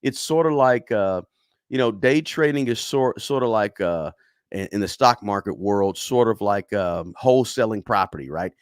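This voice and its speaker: Low-voiced man hosting a casual livestream. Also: animated, normal speed, no echo, clean studio sound. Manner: conversational, tags lines with "right?", many restarts. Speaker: finance channel host. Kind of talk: casual livestream talk reading chat.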